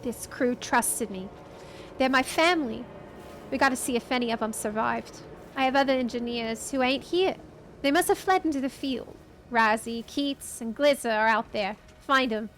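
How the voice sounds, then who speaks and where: A woman putting on a goblin accent to read a gruff female goblin worker's lines aloud. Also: a little high, normal speed, faint music behind, lightly acted. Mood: earnest. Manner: exaggerated goblin accent, tough slang.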